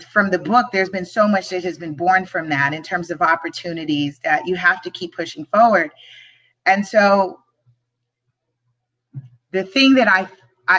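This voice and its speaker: This low-quality clip features a mid-range, fairly bright female voice. She's a show host and real estate agent from Philadelphia, delivering a heartfelt motivational live stream and repeating herself as emotion takes hold.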